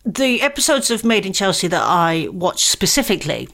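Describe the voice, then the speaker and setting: A woman's voice: medium pitch, sing-song, moderate pace, a bit bright. Female comic co-host, casual, giggly, storytelling asides. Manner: chatty, laughing, jokey asides. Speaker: comedian co-host. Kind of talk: casual chat.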